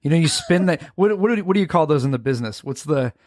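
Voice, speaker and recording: A man's voice: on the high side, lively intonation, quick pace, darkish tone, no room sound, studio quality. A man hosting a podcast, chatting casually, laughing often and stumbling over repeated words. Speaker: podcast host, magician.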